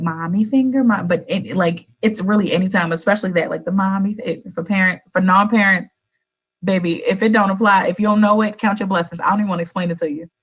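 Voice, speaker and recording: Animated chatty woman radio host. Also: lowish voice, low-quality recording. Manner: animated and chatty, swooping up for emphasis; addresses listeners directly and affectionately. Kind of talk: casual motivational monologue.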